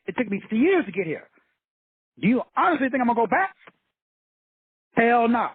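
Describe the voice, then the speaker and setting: Preaching bluntly in a fiery motivational talk, the teacher repeats himself with profanity in a high, husky voice. The audio has no echo and sounds tinny and dry, like a phone.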